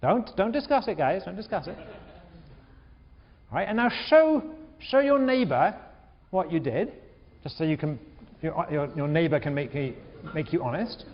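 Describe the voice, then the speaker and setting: A man teaches a large university class, his voice high and swinging widely as he repeats himself and quizzes the room. The sound is dull and lo-fi, with a long echo from the lecture hall. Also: unhurried, pauses often. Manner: animated, repeats words, questions the class.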